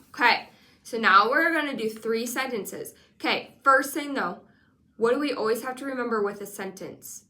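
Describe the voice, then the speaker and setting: Slow, bright-voiced woman teaching spelling. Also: fairly high pitch. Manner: slow, patient, encouraging, spells letters aloud. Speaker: reading teacher. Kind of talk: one-on-one spelling lesson.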